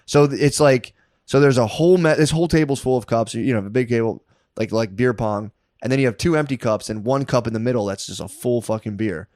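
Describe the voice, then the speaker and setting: Man, comedy podcast host, casual storytelling, says dude a lot, mid-pitched, dry close mic. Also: fast talker, dry recording. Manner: animated, says "dude" a lot, loud bursts when acting out.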